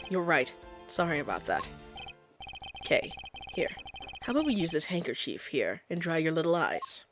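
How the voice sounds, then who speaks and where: A woman voicing a stiff, formal male prosecutor, reading game dialogue aloud in a measured, solemn way. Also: low-pitched, expressive, faint music behind, pitched below the performer's own voice. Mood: gentle.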